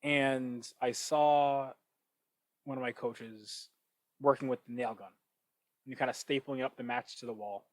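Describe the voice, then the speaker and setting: A man hosting his own podcast, thinking out loud in a casual monologue with many restarts and asides. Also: mid-range voice, fairly even intonation, measured pace, long pauses, dry recording, poor audio. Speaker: podcast host. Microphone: cheap microphone. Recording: dry, close cheap-mic sound.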